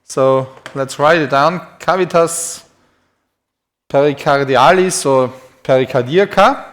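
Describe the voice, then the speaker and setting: A man's voice: a little high, slow pace, a bit bright. A man who speaks natively gives a live-streamed anatomy lecture in English, chatty and self-deprecating, writing on a board as he talks.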